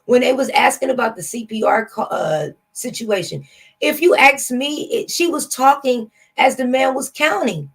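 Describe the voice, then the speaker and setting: A woman's voice: on the high side, lively intonation, normal speed, gravelly, slightly rough, poor audio. A woman hosting a reaction stream, talking casually and skeptically straight to her viewers. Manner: chatty, talks to viewers directly, skeptical. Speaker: reaction channel host. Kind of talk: casual commentary.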